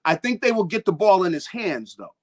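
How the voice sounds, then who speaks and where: A man's voice: sits high, very animated, brisk. A man talking football as a guest on a sports show, in a rambling way with lots of repeated words and restarts. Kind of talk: sports talk interview.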